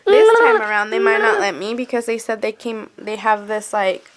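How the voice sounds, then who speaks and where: A woman's voice: lively intonation, normal speed. A young woman vlogging as a mother, talking anxiously and rambling with fillers and trailing thoughts. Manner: breaks into high playful baby talk with her son. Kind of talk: casual vlog to camera.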